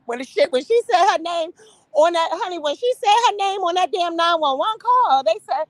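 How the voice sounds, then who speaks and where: A woman's voice: very high voice, normal speed, fairly bright tone, no echo, rough recording. A woman hosting her channel, giving blunt, casual commentary with mocking asides and frequent laughter. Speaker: channel host. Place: in a car, traveling.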